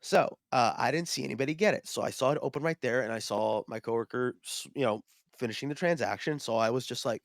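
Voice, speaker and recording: A man co-hosting a podcast, telling stories in a rambling, animated way with lots of fillers. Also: mid-range voice, fast talker, no room sound, clean studio sound. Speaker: podcast co-host. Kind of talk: casual chat.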